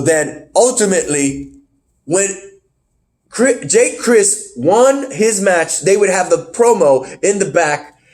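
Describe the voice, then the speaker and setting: A man hosting a casual review podcast, rambling, correcting himself mid-sentence and getting excited. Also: sits high. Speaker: podcast host.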